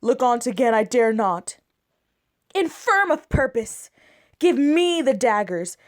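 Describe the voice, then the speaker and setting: A woman's voice: fairly high pitch, very animated, takes it slowly. A woman playing Lady Macbeth, a scornful, commanding noblewoman, in an amateur Shakespeare reading.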